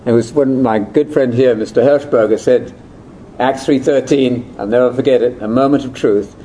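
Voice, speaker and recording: A man's voice: mid-range voice, normal speed, dark tone, a little hiss or hum, poor audio. An older man giving a chatty, wry, ad-libbed lecture to a conference audience. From Britain. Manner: chatty, wry, with asides and laughs. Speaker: speaker at a religious conference.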